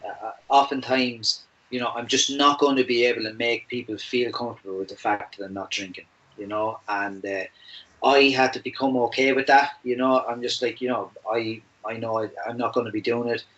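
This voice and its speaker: Bright-voiced Irish man chatting casually. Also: mid-range voice, steady tone, normal speed, lo-fi sound. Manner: joking, easygoing, many fillers. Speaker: podcast co-host. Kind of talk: casual chat.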